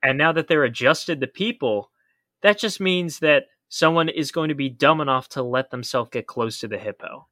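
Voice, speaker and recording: A man's voice: on the high side, expressive, moderate pace, bright, forceful tone, no echo, studio quality. A man co-hosting a podcast, explaining in a casual chat with emphatic warnings. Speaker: podcast co-host.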